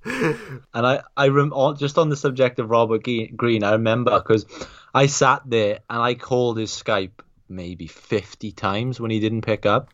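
A man's voice: medium pitch, lo-fi sound. A man co-hosting a podcast, chatting casually and chiming in with teasing asides. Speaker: podcast co-host. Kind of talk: casual chat.

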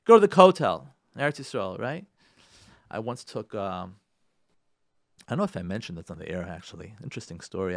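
A rabbi hosting a radio talk show, speaking on Torah and marriage and repeating key phrases for emphasis. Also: male voice, fairly low pitch, dry recording, clean studio sound.

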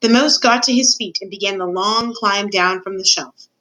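A woman's voice: medium pitch, normal speed, pushed and bright, a little hiss or hum, poor audio. Woman reading a children's novel aloud. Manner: addresses the listener as reader, with small slips. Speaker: reader.

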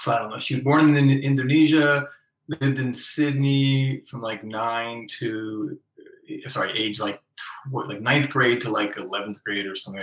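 A man's voice: on the low side, fairly bright tone, echoey room, poor audio. A middle-aged American man from the Northeast, an interview guest talking over a remote call in a chatty, self-deprecating way with many restarts. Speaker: guest author. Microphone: remote call from abroad.

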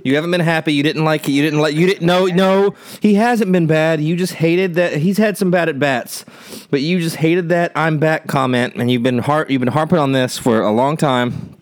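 A man co-hosting a casual podcast, talking in an animated way and sputtering and coughing through burning hot sauce. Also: fairly high pitch, moderate pace, no room sound, clean studio sound. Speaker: podcast co-host.

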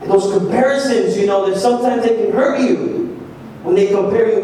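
A young man preaching a sermon in a church hall, animated and laughing often as he acts out voices. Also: a little fast. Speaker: pastor. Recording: echoey hall from far off, faint rumble.

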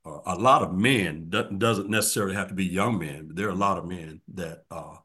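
A man in his sixties, a guest in an interview, telling his story earnestly and reflectively, often dropping to a soft, quiet voice. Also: sits low, a little fast, slightly rough. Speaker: guest, formerly incarcerated man.

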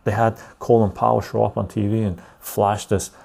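A man's voice: lowish voice, flat delivery, normal speed, vocal fry, hardly any pauses, darkish tone. A man hosting a podcast, talking politics in a blunt, ranting way and checking in with "right?" as he goes. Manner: blunt, ranting, loose storytelling with frequent "right?". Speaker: podcast host. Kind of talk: casual political talk.

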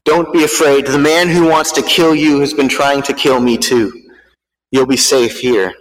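A preacher voicing a grieving leader crying out to God. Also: male voice, medium pitch, steady tone, normal speed, in a large hall, close to an everyday voice, low-quality recording. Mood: calm. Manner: anguished, questioning. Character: grieving, angry male leader questioning God.

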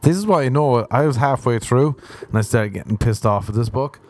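A man's voice: mid-range voice, brisk, a little mellow. A young Irish man hosting a comedic solo monologue, rambling and sardonic with plenty of swearing. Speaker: podcast host.

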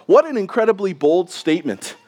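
A man's voice: sits high, big pitch swings, brisk, darkish tone. A male pastor preaching a sermon at a church service in a casual, conversational manner, often checking in with his listeners. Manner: casual, conversational, with frequent tag questions.

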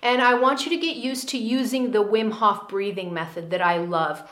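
A woman coaching viewers on calming anxiety, checking in often with "okay?" and laughing lightly between points. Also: mid-range voice, normal speed, echoey room. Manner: coaching, with frequent "okay?" and "all right?" check-ins. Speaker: spiritual coach. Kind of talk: direct-to-camera advice video.

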